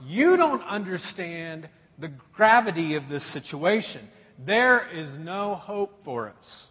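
A man's voice: high-pitched, big pitch swings, slow pace, in a large hall, dull audio, heavily acted. A man voicing a panicked stranded man who keeps pleading that all hope is lost. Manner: frantic, pleading, insistent.

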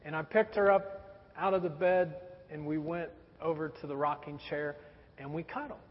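A man in his thirties preaching a sermon, telling stories about his young children in a lively storytelling way. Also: a little high, moderate pace. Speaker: pastor. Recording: dull recording in a reverberant hall.

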